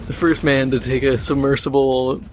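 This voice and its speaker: A man's voice: medium pitch, level tone, normal speed, a little hiss or hum, close to an everyday voice. A man putting on a self-important male celebrity filmmaker who grandly introduces himself. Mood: pompous.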